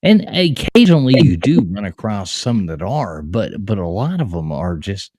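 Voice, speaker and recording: A man's voice: lowish voice, very animated, normal speed, dark tone, no echo, clean studio sound. Man telling stories in a casual chat. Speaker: host. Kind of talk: casual chat on a live stream.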